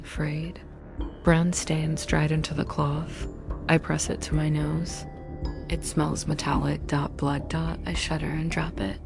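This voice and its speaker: A woman's voice: deep voice, gravelly. A woman narrating a first-person story in tense, clipped short sentences. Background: music.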